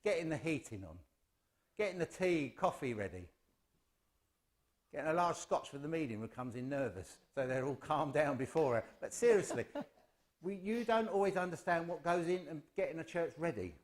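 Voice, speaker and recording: A man's voice: on the high side, animated, normal speed. Jokey English man addressing a congregation. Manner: chatty, jokey, self-deprecating. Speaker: speaker at a spiritualist service. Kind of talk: informal humorous address to a congregation.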